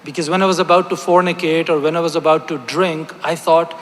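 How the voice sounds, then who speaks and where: A man's voice: on the high side, little pitch movement, brisk. Emphatic man speaking from a stage. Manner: emphatic, repeats phrases, asks the audience rhetorical questions. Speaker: speaker at a religious convention. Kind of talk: impassioned stage speech. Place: large hall on stage. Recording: long hall reverb.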